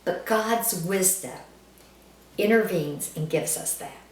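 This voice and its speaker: A woman giving a calm, reflective church devotional, repeating phrases in a meditative way. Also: medium pitch, slow, distant mic, slight background noise. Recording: echoey room, voice off-mic.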